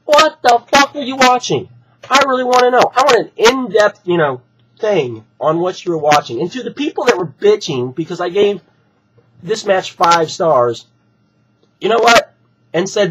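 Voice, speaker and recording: A hoarse man, still recovering from being sick, ranting heatedly and with plenty of swearing in an opinion vlog. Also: high voice, animated, fairly quick, very noisy. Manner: heated, profane, repetitive ranting. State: hoarse from recent illness. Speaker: wrestling fan vlogger. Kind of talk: opinion rant to camera.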